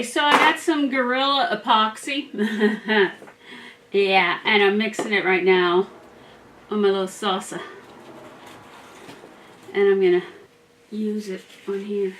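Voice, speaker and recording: A woman's voice: mid-range voice, distant mic, background noise. A woman in a casual craft vlog, chatting and laughing as she works at a table and tells a story. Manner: chatty, laughs often, talks while working. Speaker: crafter making a wreath.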